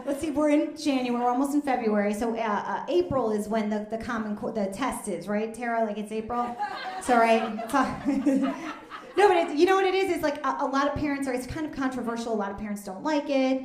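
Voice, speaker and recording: A woman, doing a deadpan, conversational stand-up comedy set on stage at a live fundraiser show. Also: a little high, brisk. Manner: deadpan, conversational, drops into asides. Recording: echoey room with loud audience noise.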